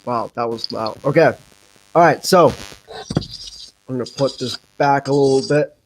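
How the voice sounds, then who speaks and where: A man's voice: mid-range voice, normal speed, slight background noise, poor audio. A young man hosting a casual livestream podcast, rambling with lots of fillers and restarts. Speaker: podcast host.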